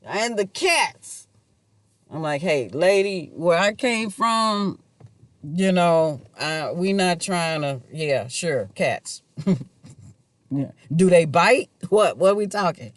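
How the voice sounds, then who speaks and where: Guy rambling slow on his vlog, kinda high voice, dry close sound. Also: expressive, no echo. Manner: casual, musing, chuckles to himself. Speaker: vlogger. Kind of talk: rambling personal monologue.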